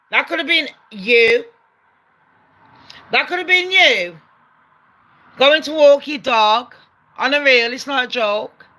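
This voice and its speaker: A woman commentating on a true-crime video, excitable, loud and swearing a lot. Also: high-pitched. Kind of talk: live commentary over video.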